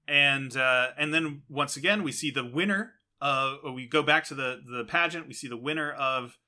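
Dude with a really bright forceful voice rambling thru a show recap, lots of ums. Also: male voice, medium pitch, normal speed. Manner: rambling, many fillers and restarts, laughs while retelling. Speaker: podcast host.

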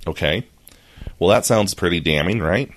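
A man co-hosting a casual podcast, reading out news items in a relaxed way with fillers. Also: sits low, normal speed, dry recording. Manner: relaxed, reads out headlines with fillers. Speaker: podcast co-host.

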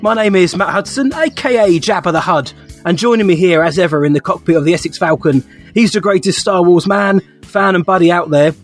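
A man's voice: high-pitched, a little fast, faint music behind. A man hosting a podcast, playful and fond of puns in casual chat. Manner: playful, punning. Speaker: podcast host.

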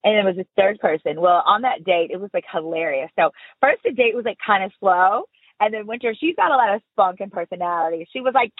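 Lively woman telling stories over a call. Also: medium pitch, fast, breathy edge, dry recording. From Houston, Texas. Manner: animated storyteller, laughs often. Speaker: podcast guest. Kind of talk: casual interview chat. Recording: phone-like remote call audio.

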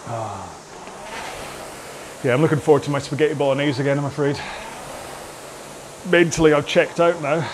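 A man's voice: a little high, moderate pace, long pauses, slight background noise. A man coaching an indoor rowing workout while rowing, chatty and rambling, often mocking himself.

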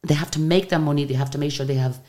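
An older guest singer in a radio interview talks very fast in a deep voice. She chats through anecdotes lively, acting out what everyone said.

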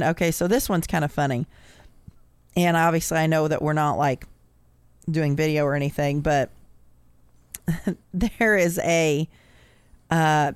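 A woman co-host reads funny text messages and lists aloud, giggling often through them. Her voice sits low for a woman and sounds smooth and clean. The recording is close and dry, with no room sound. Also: no room sound. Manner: giggly, laughs often while reading aloud. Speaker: podcast co-host. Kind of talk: casual chat, reading out funny posts.

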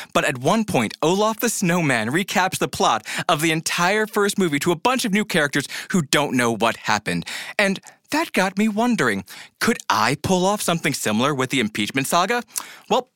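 A man's voice: high-pitched, sharp tone, no room sound, studio quality. A man hosting a news podcast, playful and wry, with a comic recap. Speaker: podcast host.

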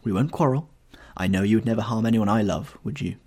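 A man's voice: fairly low pitch, fast talker, darkish tone, slightly rough. A man reading an audiobook, voicing a lovestruck young actress in a raised, breathless, rapturous tone. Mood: coaxing.

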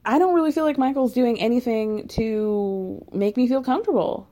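A woman's voice: fairly high pitch, moderate pace, dark tone, natural voice. A woman voicing a weary, homesick young fiancée with an attempted foreign accent. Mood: wistful.

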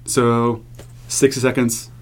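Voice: medium pitch, little pitch movement, takes it slowly. A podcast co-host in easygoing casual chat who laughs often and explains the segment rules.

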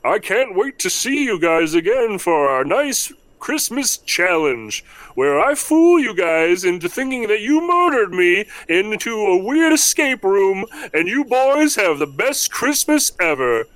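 A man's voice: sits high, very animated, unhurried, fairly bright tone, no echo, pitched above the performer's own voice, heavily acted. A man voicing Santa Claus, a jolly old man who laughs with hearty ho-hos.

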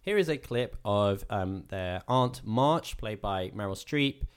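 A man with a low voice chats casually about films as a podcast co-host. His tone is smooth and resonant, and he riffs and jokes constantly, swearing now and then. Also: animated, slow pace. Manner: jokey, riffing, with frequent laughter. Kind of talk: casual film-review chat.

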